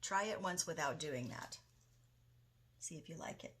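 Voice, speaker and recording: Woman host, casual tutorial, enthusiastic, slightly low pitch, home studio with faint noise. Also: lively intonation, normal speed, a bit bright. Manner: chatty, enthusiastic, talks while working. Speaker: craft video host.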